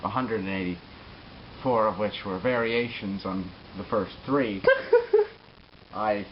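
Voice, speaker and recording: A man's voice: on the low side, slow pace, muffled recording, slight background noise. A man playing a boastful, crude pro scooter rider in a mock interview comedy sketch, rambling and bragging.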